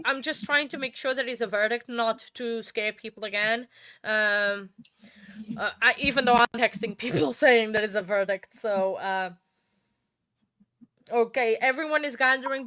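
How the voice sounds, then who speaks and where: A woman's voice: a little high, a bit bright, dry recording, clean studio sound. Chatty woman hosting a livestream. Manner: chatty, many fillers and restarts. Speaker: livestream host. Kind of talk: casual livestream chat.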